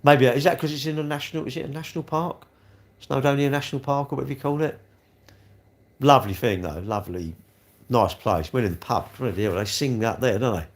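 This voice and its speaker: A man's voice: medium pitch, fairly quick. A man, chatting casually on a live stream, rambling with tag questions and calling viewers mate. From London. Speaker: livestream host. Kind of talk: casual live chat reading comments.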